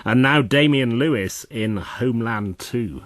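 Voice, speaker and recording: A man presenting a radio arts programme, measured, introducing clips and asking questions. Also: mid-range voice, a bit bright, no echo. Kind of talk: radio interview. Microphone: studio mic, dry.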